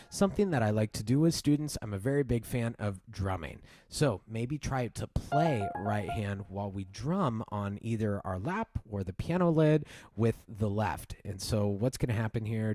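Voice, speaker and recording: Piano teacher counting rhythms aloud. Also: male voice, on the low side, lively intonation, moderate pace. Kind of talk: piano tutorial. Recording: loud piano music behind. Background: piano playing.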